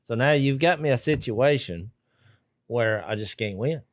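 A man's voice: medium pitch, normal speed, no echo. A man co-hosting a podcast, chatting casually, joking and laughing as he makes his points. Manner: joking, animated, laughs often. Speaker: podcast co-host. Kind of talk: casual chat.

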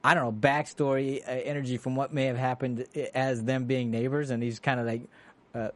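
A man's voice: mid-range voice, a little fast. A man co-hosting a casual podcast chat, talking animatedly with many restarts and acting out quotes. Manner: animated, acts out quotes, frequent laughs and restarts. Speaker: podcast co-host.

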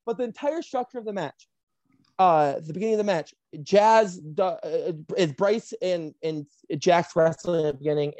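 Woman wrestler, casual profane storyteller, animated delivery, dry close sound. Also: fairly low pitch, no room sound. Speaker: professional wrestler.

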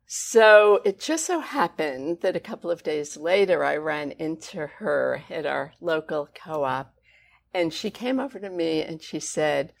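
A woman, a guest author, telling stories conversationally with animated, expressive emphasis. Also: sits low, a little slow, creaky. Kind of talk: conversational storytelling.

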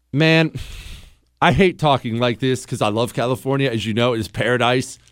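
A man's voice: mid-range voice, unhurried, a bit bright, clear, resonant tone, dry recording. A man hosting a talk radio show, blunt and emphatic, repeating his lines for punch. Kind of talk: opinionated talk radio monologue.

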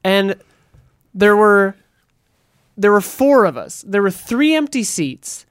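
A woman's voice: mid-range voice, sing-song, takes it slowly, dry recording, clean studio sound. A woman from the Midwest in casual podcast chat, chatty and full of "like", swearing casually. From American Midwest.

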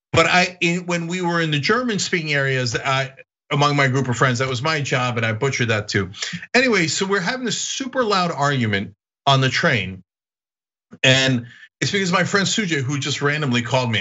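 A man from Istanbul hosts a podcast in a relaxed, chatty way. His voice is bright and swoops up high as he gets worked up telling a story. The recording sounds dull and lo-fi. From Istanbul, Turkey. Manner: animated storyteller, voice jumps up when excited. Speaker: podcast host. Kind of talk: casual chat.

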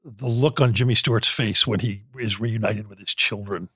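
A man hosting an interview podcast, talking in a halting way and searching for his words. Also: fairly low pitch, fairly even intonation, a bit bright, slightly rough, dry recording, studio quality. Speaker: podcast host. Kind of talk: interview conversation.

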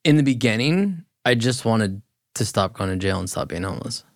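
A man's voice: fairly low pitch, expressive, fairly quick, no room sound, studio quality. A man speaking as a podcast guest, talking about his past in a candid, plainspoken way. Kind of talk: casual interview talk.

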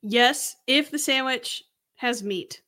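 A woman's voice: sits high, takes it slowly, pushed and bright. A woman co-hosting a podcast from home, chatting casually and teasing her partner with easy laughter. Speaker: podcast co-host. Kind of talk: casual chat.

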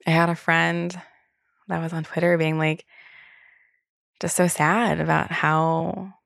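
A young woman talks through a solo podcast in a loose, candid way, full of "like" and "um" and the odd swear. Her voice sits low with a gravelly fry at the edges. The sound is close and dry, with no room around it. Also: little pitch movement, slow, a bit bright, no room sound. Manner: candid, chatty, swears freely, many fillers. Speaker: podcast host. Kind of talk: casual solo podcast chat.

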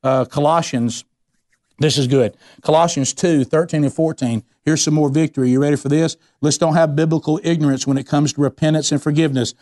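Folksy preacher man, slightly high voice. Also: fairly even intonation, fairly quick, darkish tone. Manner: preaching with call-and-response questions to the congregation; folksy, says y'all, tells anecdotes. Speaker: pastor. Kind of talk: sermon.

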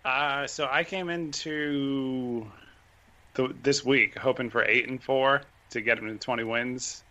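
A man talks casually as a podcast guest, with a bright, forceful tone. He rambles a little, full of fillers and restarts. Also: medium pitch, steady tone, slow, lo-fi sound. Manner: chatty, self-deprecating, many fillers and restarts.

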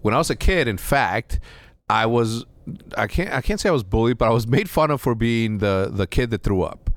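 A man's voice: mid-range voice, lively intonation, moderate pace, no room sound. A young man from Mexico telling a story in casual chat, rambling with restarts and a lot of swearing. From Mexico (Juárez). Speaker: podcast guest.

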